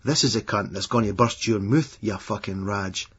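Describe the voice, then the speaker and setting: A man's voice: on the low side, a little fast, slightly rough. A man voicing a brash, drunk, aggressive man who snarls threats. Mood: snarling. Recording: dull lo-fi audiobook recording.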